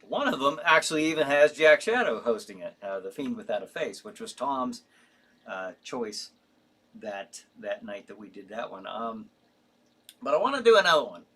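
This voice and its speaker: A man's voice: medium pitch, sing-song, normal speed, fairly bright tone. A man hosting a casual live stream, reading viewer comments aloud and answering them in a rambling way with fillers and restarts. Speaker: host.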